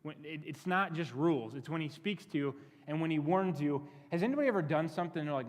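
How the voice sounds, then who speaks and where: A man preaching to a youth group in a sermon style, energetic, firing questions at the crowd and repeating himself as he works up to his points. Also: fairly high pitch, racing. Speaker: youth pastor. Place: church sanctuary. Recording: long reverb of a church hall.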